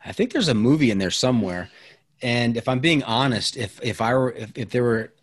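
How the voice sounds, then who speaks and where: A man's voice: mid-range voice, lively intonation, a little fast, husky, no echo. Friendly jokey podcast host man. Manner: friendly, jokey, plays along with guest. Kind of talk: casual interview chat.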